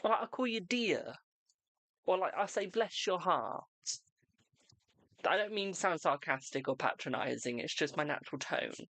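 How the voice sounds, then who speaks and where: Blunt, gravelly-voiced tarot host. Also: medium pitch, a little fast, a bit bright, dry recording. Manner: blunt, chatty, self-deprecating. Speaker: tarot reader and live-stream host. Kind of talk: casual live-stream chat.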